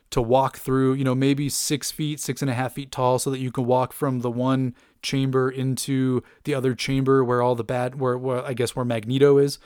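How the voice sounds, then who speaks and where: A podcast host reviewing a cartoon chats casually about an episode, enthusiastic and rambling, full of fillers and laughter. He has a mid-range, slightly mellow voice with a clean tone. The studio sound is clean, with no echo.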